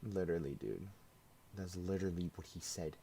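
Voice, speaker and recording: A man's voice: low-pitched, normal speed, vocal fry, a little hiss or hum. A young man streaming, telling a work story in casual chat with lots of laughs. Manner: animated storytelling with frequent laughs.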